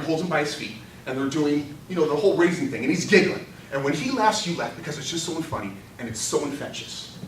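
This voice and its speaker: An older man giving a humorous storytelling speech at a contest, animated and laughing through his own punchlines. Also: on the high side, far from the mic, noisy background. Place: meeting hall. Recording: echoey hall recorded from afar.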